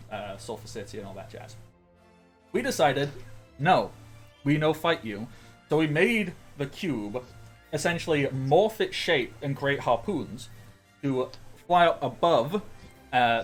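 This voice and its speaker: Man recapping the last tabletop session, loose and rambling, faint music behind. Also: mid-range voice. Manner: rambling, lots of ums and self-corrections. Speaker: player giving the session recap. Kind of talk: casual recap of a tabletop game.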